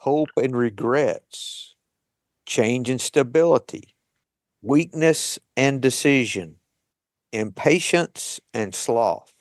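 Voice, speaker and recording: Slow, reflective man sharing. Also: medium pitch, dry recording, studio quality. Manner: slow, thoughtful, with light laughs. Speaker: podcast host leading a recovery meeting.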